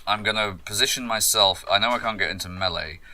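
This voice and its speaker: A man's voice: fairly low pitch, quick pace, pushed and bright. A man playing a tabletop game, thinking his moves through aloud with many fillers. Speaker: player.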